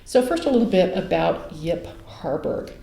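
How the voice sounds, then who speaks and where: A woman giving a casual video lecture from her home music room, relaxed and dotted with ums and uhs. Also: lowish voice, normal speed, vocal fry. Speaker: teacher. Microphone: camera mic. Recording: roomy echo of a home room.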